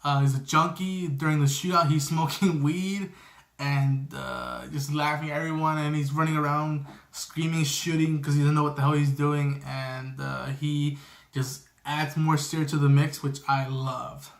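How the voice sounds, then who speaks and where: A man giving a casual spoken film review. He is excitable and rambling, with lots of fillers and restarts, and he acts out lines from the film. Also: on the high side, measured pace, creaky, roomy sound. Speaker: movie reviewer.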